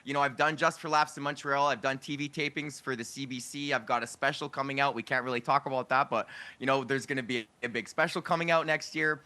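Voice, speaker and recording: A comedian from Edmonton with an Alberta accent, chatting upbeat in a TV interview with lots of "you know" fillers. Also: male voice, mid-range voice, fairly even intonation, fast talker, hardly any pauses, bright, forceful tone. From Edmonton, Alberta, Canada. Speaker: stand-up comedian, guest. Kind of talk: casual TV interview.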